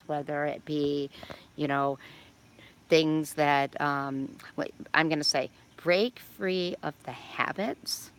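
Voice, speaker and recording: A woman's voice: deep voice, slow pace. An older woman talking outdoors, giving a casual, encouraging weekly astrology message with rambling fillers. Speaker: astrology vlogger.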